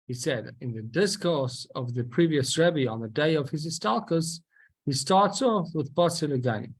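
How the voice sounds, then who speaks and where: Male teacher, husky and slightly high, explains a text step by step, asks his own questions and answers them. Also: lively intonation, normal speed.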